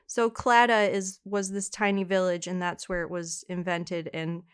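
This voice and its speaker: Smooth-voiced woman telling a case. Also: lowish voice, level tone, moderate pace. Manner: chatty, laughs easily, reads case details. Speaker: podcast co-host telling the case. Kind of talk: casual true-crime storytelling.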